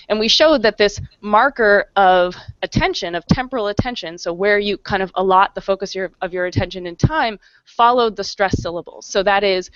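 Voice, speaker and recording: A woman's voice: medium pitch, dry recording. Woman professor explaining research, lo-fi. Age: 30s. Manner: clear explanatory tone with frequent ums and restarts. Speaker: panelist, psychology professor. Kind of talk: explaining research on an online panel. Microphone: video call.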